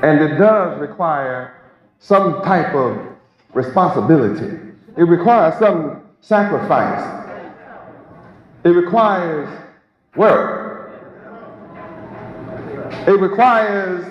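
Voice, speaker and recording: A man's voice: sits high, lively intonation, slow, pauses often. A man preaching a sermon to a congregation, emphatic and repetitive, full of rhetorical questions. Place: large hall with congregation. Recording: echoey hall, lo-fi, crowd.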